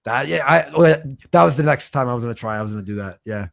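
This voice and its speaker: A man's voice: medium pitch, animated, vocal fry, fairly bright tone. A man hosting a livestream, reading out viewer donations in a loose, profane, joking way. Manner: loose and profane, quick laughs. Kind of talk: casual livestream chat.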